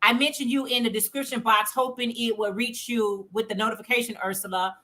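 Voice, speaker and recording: Chatty bright-voiced woman livestream host. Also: on the high side, steady tone, fairly quick. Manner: reads chat messages aloud, chatty and informal. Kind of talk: casual chat reading viewer comments.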